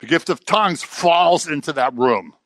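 A man preaching a sermon in a conversational, animated way, sometimes acting out the people he quotes. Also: on the high side, normal speed, dry recording.

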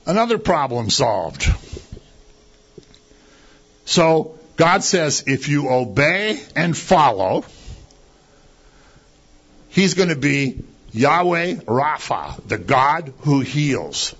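A man delivers a conversational sermon, slipping into quoted complaints and asking rhetorical questions. His voice sits a bit high and swings widely in pitch. The recording sounds dull and lo-fi. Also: sing-song, extremely slow, pauses often, a bit bright, breathy edge. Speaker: preacher.

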